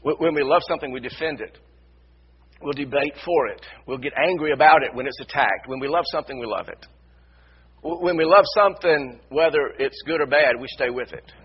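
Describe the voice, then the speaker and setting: A man preaching a sermon as pastor, repeating his phrases and building to loud emphasis. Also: fairly high pitch, fairly quick, slightly rough, muffled recording. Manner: repetitive, builds to shouted emphasis. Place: church sanctuary.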